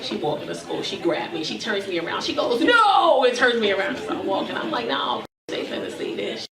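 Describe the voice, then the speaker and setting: A woman in her thirties tells profane stories on a comedy club stage, acting out the voices of people she quotes. Her mid-range voice moves fast with vocal fry and is picked up from a distance in an echoey room. A noisy crowd fills the background with laughter from the live audience.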